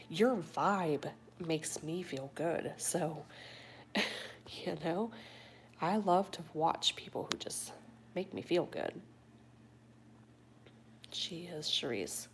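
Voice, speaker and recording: A woman hosting a late-night livestream, reading viewer comments in a soft, often whispered, affectionate way; she sounds sleepy. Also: fairly low pitch, slight background noise. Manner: warm, affectionate toward viewers. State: sleepy but awake. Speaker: livestream host.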